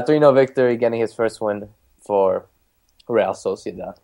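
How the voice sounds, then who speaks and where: A man's voice: lowish voice, normal speed, dark tone. A man co-hosting a football podcast, reading out weekend results in a jokey, casual way. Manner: jokey, chatty. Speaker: podcast co-host. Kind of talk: casual chat recapping league results.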